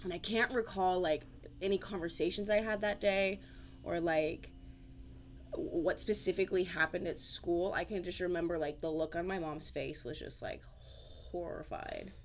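A woman's voice: fairly low pitch, fairly even intonation, normal speed, slight background noise. A young adult woman telling stories in a casual podcast chat. She rambles, swears, and fills her talk with "like". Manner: rambling, profane, filler-heavy storytelling.

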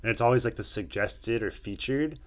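A man's voice: medium pitch, normal speed. A young man co-hosting a podcast, chatting casually and profanely in a loose, rambling way. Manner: rambling, loose, puts on loud mocking voices when quoting people. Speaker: podcast co-host.

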